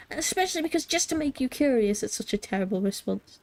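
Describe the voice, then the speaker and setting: A fast-talking woman with a high, expressive, slightly mellow voice streams a game live. While playing, she reads the chat and jokes with viewers in a mock-formal tone.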